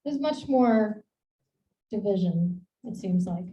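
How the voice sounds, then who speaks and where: Speaking slowly in a mellow, mid-range voice, a woman from Maine is animated as she rambles through a casual slide presentation on her research. She's chatty and laughs at herself, and the recording sounds dull and lo-fi in an echoey room.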